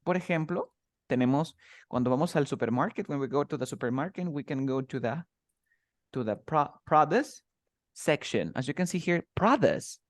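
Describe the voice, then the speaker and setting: In a bilingual English lesson, a man with a medium-pitched voice patiently explains words and stress, moving between English and Spanish. He talks briskly, and the studio-quality recording has no echo.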